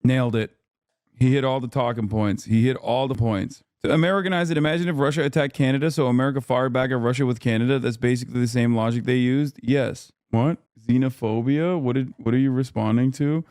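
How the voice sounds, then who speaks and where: Man streamer, sarcastic rambling reaction talk, smooth clear voice, dry close sound. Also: medium pitch, fairly even intonation, fairly quick, a little mellow, dry recording. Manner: sarcastic, rambling, riffing on chat. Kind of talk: casual reaction commentary.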